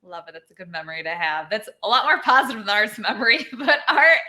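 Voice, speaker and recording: A woman's voice: medium pitch, very animated, fast talker, pushed and bright. A woman hosting a panel chat in an upbeat way, laughing and moving the talk along. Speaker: host.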